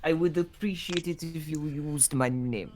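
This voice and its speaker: A man voicing a prim, fussy British gentleman with a put-on posh British accent, in improvised comedic role-play on a stream. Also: fairly high pitch, close to an everyday voice. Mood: pompous. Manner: pompous, slow and savoring.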